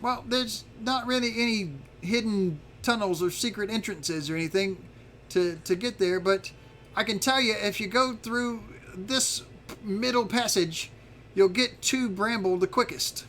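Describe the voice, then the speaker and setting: A man voicing a small boastful male dragon creature who rambles excitedly. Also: high-pitched, a little slow, slight background noise, voice pushed up. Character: boastful little male dragon, kobold-like, chatty.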